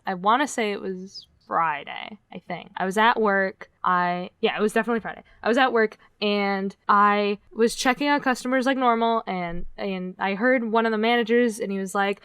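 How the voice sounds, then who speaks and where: Young woman telling an animated story. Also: mid-range voice, moderate pace, hardly any pauses, clean tone, no echo, clean studio sound. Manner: animated storytelling, acting out quoted people. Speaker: podcast co-host. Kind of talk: casual chat.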